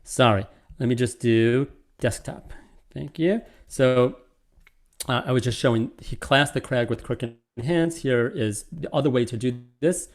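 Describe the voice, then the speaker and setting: A man teaches poetry over a video call, his pitch sitting in an ordinary middle range. He explains step by step, thinking aloud as he works through each point. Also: a little slow. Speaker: lecturer. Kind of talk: online literature lecture.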